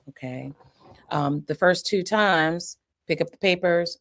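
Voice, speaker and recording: A woman psychiatrist giving a live-streamed teaching talk, calm and deliberate, modeling soothing phrases as she coaches. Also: lowish voice.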